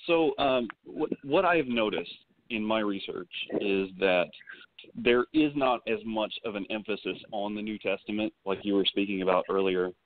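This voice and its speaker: Male host, measured questions, lowish voice, dry, phone-line sound. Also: no echo. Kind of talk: call-in talk show interview. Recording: tinny phone-line call-in audio.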